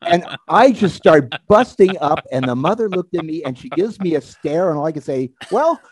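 A middle-aged man co-hosting a podcast in casual chat, telling a lively story. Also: a little high, moderate pace, dry recording. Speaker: podcast co-host.

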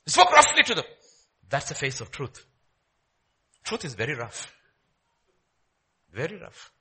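A male pastor, preaching a sermon and swinging between loud declaiming and hushed pleading. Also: on the high side, huge pitch swings, a little slow.

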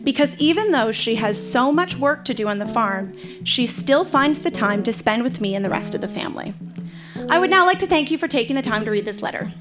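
A woman's voice: high-pitched, lively intonation, fairly quick. Amused woman reading on a club stage. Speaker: reader of her childhood letter. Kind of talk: live comic reading. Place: live music club. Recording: live club with guitar music.

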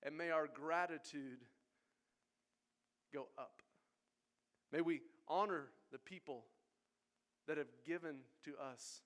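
A man's voice: a little high, takes it slowly, long pauses, a bit bright. A man preaching a sermon as pastor, earnest and exhorting his congregation. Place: church sanctuary.

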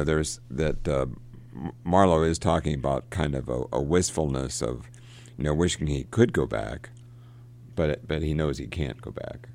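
A man discussing a novel in casual talk, halting with many restarts and fillers, now and then reading passages aloud. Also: rumbling low, gravelly, a little mellow. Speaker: literature discussant.

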